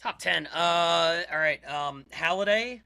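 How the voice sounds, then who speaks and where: A man's voice: on the high side, slow, sharp tone, clear, resonant tone, no echo, clean studio sound. A man hosting a casual chat, upbeat and full of fillers while he thinks. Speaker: podcast host.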